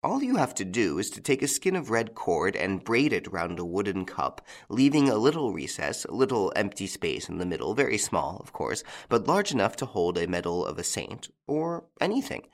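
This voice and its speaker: A sly gentleman thief who taunts his rival with glee, his fairly low voice leaping high and dropping back in lively swings, as a man reads him aloud. He sounds amused and fully in control, every line a tease from a storybook reading. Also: moderate pace, few pauses. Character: mocking, playful gentleman thief, adult man. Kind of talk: audiobook character reading.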